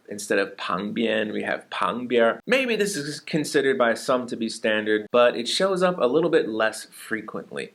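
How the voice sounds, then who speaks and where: Lower-voiced man teaching Mandarin words. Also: pushed and bright. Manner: explains steadily, models Mandarin words with slow repeated examples. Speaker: Chinese teacher. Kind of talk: casual video lesson.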